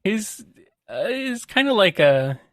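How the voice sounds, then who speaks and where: A podcast co-host who laughs easily and reads listener questions aloud. The voice swoops around a lot at an unhurried pace. The sound is dry and close. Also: mid-range voice, big pitch swings, fairly bright tone, no echo. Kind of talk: casual podcast chat.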